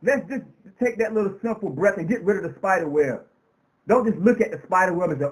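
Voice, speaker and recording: A man's voice: fairly high pitch, expressive, a little fast, poor audio. A man speaking as an interview guest on a radio show, talking in an impassioned, preacher-like way. He repeats words for emphasis and builds long runs of rhetorical questions. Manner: repetitive, emphatic phrasing.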